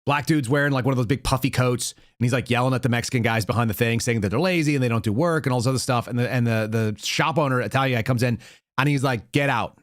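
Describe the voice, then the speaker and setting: A man's voice: medium pitch, quick pace, no echo, studio quality. A man hosting a political podcast, giving blunt, sarcastic commentary full of rhetorical questions. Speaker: podcast host.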